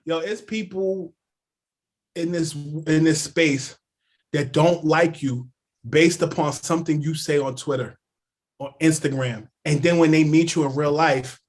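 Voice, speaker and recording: A man telling stories as a sports journalist guest on a casual podcast, animated and full of "like" and "yo". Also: a little high, a little slow.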